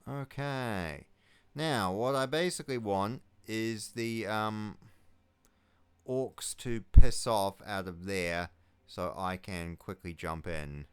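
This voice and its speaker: Kiwi male gamer, unhurried, clean resonant voice, muttering play-by-play with sweary outbursts. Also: fairly low pitch, smooth. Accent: New Zealand. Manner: mutters to himself, swears loudly when things go wrong. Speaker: video game let's player. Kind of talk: casual gameplay commentary.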